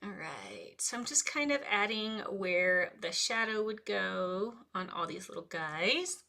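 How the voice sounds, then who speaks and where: A woman with a bright, clear voice hosts a live crafting session from her desk. She rambles casually and talks to herself as she works, with frequent laughs. Her tone stays loose and conversational. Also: medium pitch, big pitch swings, a little slow. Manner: rambling, self-talk while working, laughs often. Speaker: craft live-stream host. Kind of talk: chatty live crafting demo.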